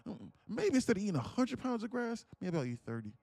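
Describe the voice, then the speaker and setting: A man's voice: high-pitched, very animated, fast, vocal fry, warm tone, dry recording, faint music behind, pitched above the performer's own voice, full character voice. A man voicing a nervous, cautious male wildebeest who muses worriedly to himself.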